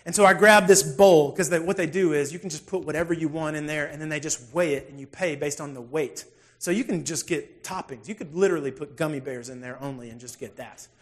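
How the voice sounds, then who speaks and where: A pastor with a notably high voice preaches in a relaxed, storytelling way. He drops to near-quiet asides, then bursts out loud. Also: fairly quick. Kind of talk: sermon with personal storytelling.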